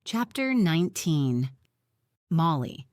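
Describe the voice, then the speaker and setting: A woman narrating an audiobook in the first person, reading in an even, measured way. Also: sits low, no room sound, clean studio sound.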